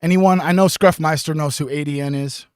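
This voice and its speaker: A man hosting a casual livestream, rambling with many restarts, swearing and often clearing his throat. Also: a little high, steady tone, fairly quick, darkish tone, no echo, studio quality. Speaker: livestream host. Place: home streaming setup.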